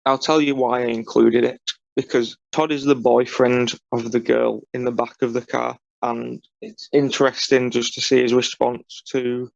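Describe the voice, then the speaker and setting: A man's voice: medium pitch, flat delivery, normal speed, gravelly, dry recording. A man co-hosting a podcast, giving dry, matter-of-fact commentary in casual chat. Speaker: podcast co-host. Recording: dull lo-fi recording.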